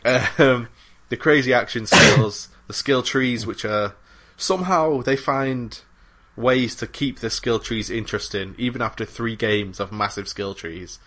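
A man's voice: mid-range voice, measured pace, fairly bright tone. A man co-hosting a gaming podcast, talking casually and rambling with many fillers and restarts. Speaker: podcast co-host. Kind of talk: casual chat about games.

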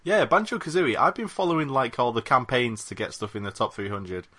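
Wry male co-host, husky low voice with a bright, forceful edge. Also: brisk. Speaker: podcast co-host. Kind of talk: casual chat.

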